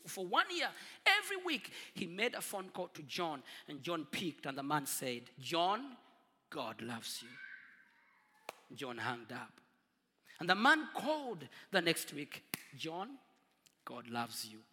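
A man preaching a storytelling sermon, dramatic and husky, swinging from booming to hushed. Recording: long reverb of a large hall.

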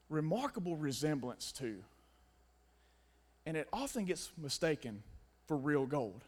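A young man preaching a sermon, emphatic, swinging between loud stresses and quiet asides. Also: on the high side.

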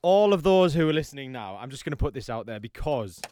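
A man's voice: mid-range voice, sing-song, fast, mellow. A man hosting an internet radio show, talking in a rambling casual way. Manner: rambling, with restarts and fillers. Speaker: radio host.

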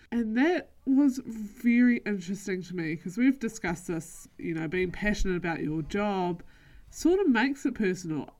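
A woman co-hosting a casual podcast, swapping stories in a lively, chatty way. She laughs easily and acts out the people in her anecdotes. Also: medium pitch. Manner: animated storytelling, laughs often. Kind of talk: casual chat.

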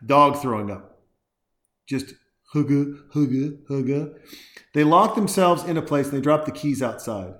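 A man casually commenting on a horror film as he watches it, rambling and excitable, talking to the characters on screen. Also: mid-range voice, normal speed. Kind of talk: casual live film commentary while drinking beer. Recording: very echoey room.

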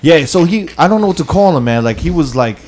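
Fast and expressive, with a slightly mellow, rather high voice, a young podcast co-host rambles through a slang-filled story among friends. He performs the voices of the people in it.

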